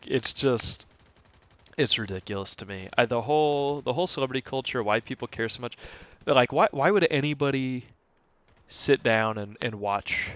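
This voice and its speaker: A man's voice: mid-range voice, a bit bright, muffled recording. A young man hosting a casual monologue podcast, ranting in an exasperated, rambling way with many fillers and restarts. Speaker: podcast host.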